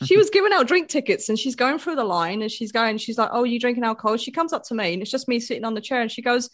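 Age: 30s. Sex: woman. Style: casual podcast chat, animated storytelling with frequent laughs, a lively, swinging voice. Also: fairly high pitch, quick pace. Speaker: podcast guest.

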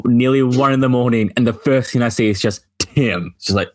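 A man chatting casually on a podcast, laid-back, blunt and quick to laugh. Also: mid-range voice. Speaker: podcast co-host. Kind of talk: casual chat.

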